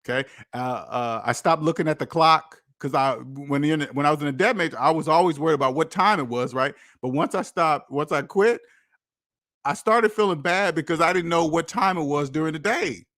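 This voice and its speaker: A man's voice: fairly high pitch, normal speed, a bit bright, no room sound, clean studio sound. An American man in his forties hosting a casual livestream about finances, telling stories in a rambling way full of restarts. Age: 40s. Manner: rambling storytelling with many restarts. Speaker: host of a debt-free finance livestream.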